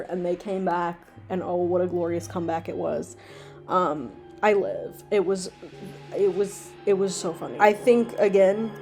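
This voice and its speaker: A woman's voice: fairly low pitch, a little mellow. A young woman hosting a casual, comedic video, rambling with lots of ums and ironic asides. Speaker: video host reading fan fiction.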